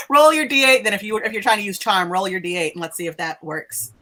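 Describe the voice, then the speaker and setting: Woman game master, casual and jokey, middle pitch. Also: expressive, moderate pace, a bit bright. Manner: casual, laughing and swearing freely. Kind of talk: narrating a tabletop game.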